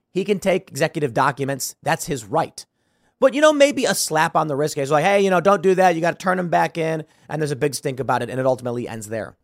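Man, political commentary host, sarcastic, lively pitch, slightly high voice. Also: dry recording, clean studio sound. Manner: sarcastic, combative, rhetorical questions.

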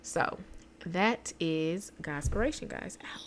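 A woman co-hosting a podcast in relaxed, slangy casual chat, sounding sleepy. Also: lowish voice, slow, slight background noise. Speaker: podcast co-host.

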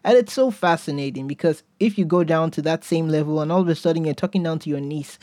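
A man hosts his own podcast alone, musing in a loose, casual way. He often chuckles and trails off before restarting a thought. His voice sits fairly high but sounds mellow, and the close mic is dry. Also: quick pace, dry recording. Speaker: podcast host. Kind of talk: casual solo podcast monologue.

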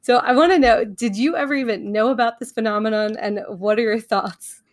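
A woman hosting a podcast, setting up topics and asking questions in a steady, organized way. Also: on the high side, brisk, no room sound, studio quality. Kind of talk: casual chat with read-out quotes.

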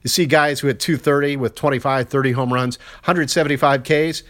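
A man's voice: mid-range voice, fairly even intonation, fairly quick, a bit bright. A man in his sixties hosting a sports podcast, giving solo baseball commentary in a conversational way, with wry asides and lots of statistics. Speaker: podcast host.

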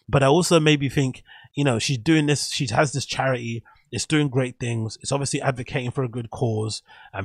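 A man rambles through opinionated takes on his solo podcast, swearing casually. His voice is gravelly and husky, sitting in a middle range. The room around him is dry. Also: medium pitch, no room sound. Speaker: podcast host.

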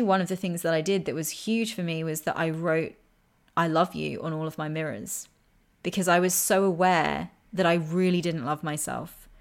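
A young woman's voice, pitched a little low, talking straight to the listener. She sounds candid and earnest and swears freely. It comes across as personal storytelling for a vlog. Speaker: vlogger.

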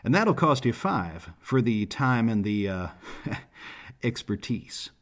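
A man's voice: medium pitch, very animated. A man doing a folksy bush pilot. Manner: slow folksy drawl, colloquial. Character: big, folksy rural pilot, easygoing.

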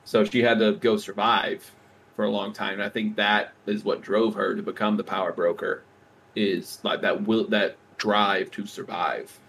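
A man's voice: on the low side, flat delivery, moderate pace, fairly bright tone, slight background noise. Teasing man hosting a podcast. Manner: teasing, needling the others. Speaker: podcast co-host. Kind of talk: casual chat.

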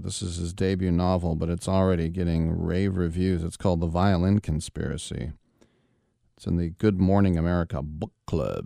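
Gravelly low-voiced male radio host. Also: a little mellow, dry recording, studio quality. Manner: rambling storyteller with fillers and asides. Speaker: radio sports talk host. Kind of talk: casual radio monologue.

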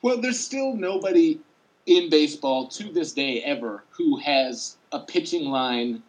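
A man's voice: fairly high pitch, animated, a little slow, poor audio. Easygoing man in loose sports talk. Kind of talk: casual sports chat.

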